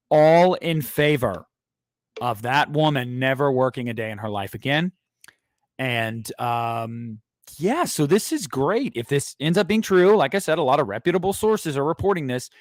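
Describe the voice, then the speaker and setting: A man hosting a casual movie news livestream who rambles and jokes crudely in an animated way. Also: medium pitch, dry recording, clean studio sound. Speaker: host of a movie news stream.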